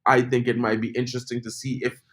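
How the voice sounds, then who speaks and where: A man's voice: medium pitch, completely flat delivery, quick pace, a bit bright. A man hosting a casual live-stream football chat, talking loosely with lots of "you know" and reading viewer comments aloud. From Trinidad and Tobago. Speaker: football channel host.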